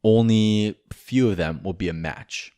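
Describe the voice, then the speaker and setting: Deep-voiced man in casual podcast banter. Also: normal speed, mellow, no room sound. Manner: rambling, frank, swears freely, jokey. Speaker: podcast co-host.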